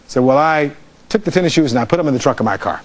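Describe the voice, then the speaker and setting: A man's voice: on the high side, expressive, rapid-fire, a little hiss or hum. A man, a defense attorney, giving a closing argument in a courtroom, reading testimony aloud and putting rhetorical questions to the jury.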